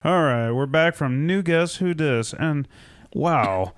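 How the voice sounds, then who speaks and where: A man hosting a podcast in casual chat, relaxed and joking, often trailing off mid-thought. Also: fairly high pitch, takes it slowly, clean tone, no room sound, soft background music. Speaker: podcast host.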